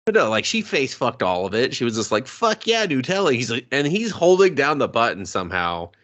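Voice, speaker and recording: A man's voice: medium pitch, very animated, fairly quick, a bit bright. A young man co-hosting a casual movie review podcast, cursing and joking as he acts out the characters in mock voices. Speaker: podcast co-host.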